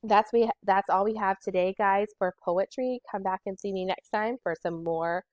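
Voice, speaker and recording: A woman teacher giving a recorded poetry lesson to children, counting out syllables slowly and deliberately. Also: mid-range voice, darkish tone, no echo.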